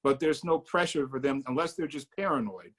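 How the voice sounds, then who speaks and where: A man's voice: fairly high pitch, animated, a little fast. American man thinking aloud in casual talk. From United States. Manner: thinks aloud with restarts and hedging fillers. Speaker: discussion participant. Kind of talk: casual discussion.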